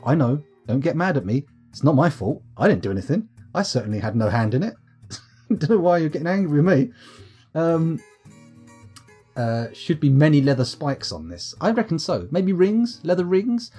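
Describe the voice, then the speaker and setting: A man's voice: on the high side, mellow, husky. A British man with a sore throat, chatting and joking self-deprecatingly as he streams a game live from home. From United Kingdom. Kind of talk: live let's-play commentary. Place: at home, upstairs room.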